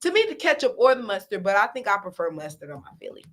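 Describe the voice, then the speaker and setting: Animated woman co-hosting chat. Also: mid-range voice, fast. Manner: animated, chatty, restarts a lot. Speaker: podcast co-host. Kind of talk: casual chat.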